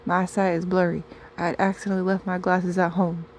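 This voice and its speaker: A woman reading her own comic story in first person with a put-on twang and playful, deadpan delivery. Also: lowish voice, quick pace, a little hiss or hum.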